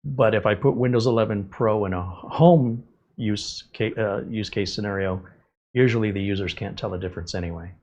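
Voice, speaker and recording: A man's voice: lowish voice, normal speed, highs cut off. A man hosting a live tech stream, answering viewer chat in a blunt, sarcastic way. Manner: blunt, sarcastic, lively asides. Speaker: tech show host.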